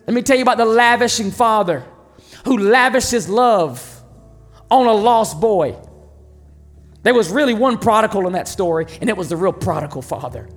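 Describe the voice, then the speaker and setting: A preacher delivers a sermon in a casual, emphatic voice at a medium pitch. The talk moves quickly and swings between loud outbursts and quiet asides. Soft music plays faintly underneath. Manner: conversational and emphatic, with sudden swings in volume.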